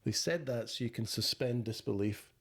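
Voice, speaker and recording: A man's voice: medium pitch, normal speed, a bit bright, husky. A man co-hosting a casual film podcast, teasing and prodding his friend as they talk. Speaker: podcast co-host. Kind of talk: casual chat.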